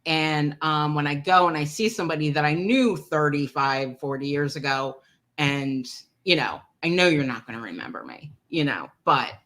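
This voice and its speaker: A woman's voice: deep voice, animated, normal speed, fairly bright tone. A woman co-hosting a casual chat, agreeable and chatty, with many fillers.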